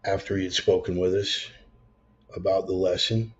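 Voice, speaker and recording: A man's voice: low-pitched, fairly even intonation, moderate pace, lo-fi sound. A man giving a conversational, emphatic sermon told as a personal story. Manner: conversational, emphatic, swears in passing. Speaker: preacher.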